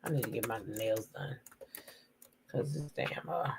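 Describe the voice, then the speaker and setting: A woman hosting a casual gossip commentary, chatty and loose, with drawn-out hums and fillers. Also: very deep voice, gravelly, background noise. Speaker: host.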